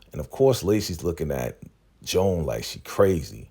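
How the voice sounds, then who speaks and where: A man's voice: low voice, sing-song, moderate pace, darkish tone, breathy edge. A man hosting a casual TV episode recap, talking in slang and acting out the characters' lines. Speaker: host.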